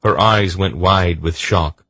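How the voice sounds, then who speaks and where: A man reading a fantasy novel aloud as an audiobook narrator, measured and gentle. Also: low-pitched, no echo. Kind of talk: scripted narration.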